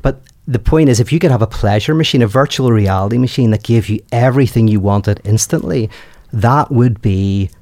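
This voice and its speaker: A man and podcast guest telling stories in casual, animated talk. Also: mid-range voice, a little fast, no room sound, studio quality. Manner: storytelling, animated, lively retelling. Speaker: guest, producer.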